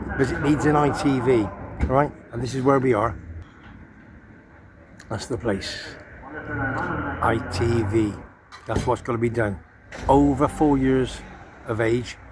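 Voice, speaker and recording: An older English man from Gloucestershire, rambling cheekily through a casual vlog, filmed on a handheld phone outdoors. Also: mid-range voice. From Gloucestershire, England. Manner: chatty, cheeky, self-promoting. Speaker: vlogger. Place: outdoors on town streets. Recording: noisy outdoor phone audio. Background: traffic and street noise.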